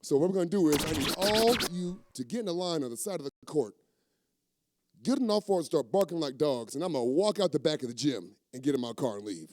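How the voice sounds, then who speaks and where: A man doing stand-up comedy, acting out characters with big jumps in his voice. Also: fast. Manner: animated, acts out characters with big pitch jumps. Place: comedy stage in a venue.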